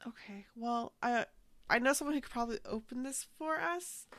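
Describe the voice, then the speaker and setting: A woman playing a tabletop role-playing game, chatting casually and thinking out loud with fillers. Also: fairly high pitch, moderate pace, no echo. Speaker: player.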